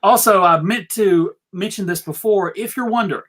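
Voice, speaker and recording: A man hosting a casual livestream chat, halting with many restarts and laughs. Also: high voice, fairly bright tone. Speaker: podcast host.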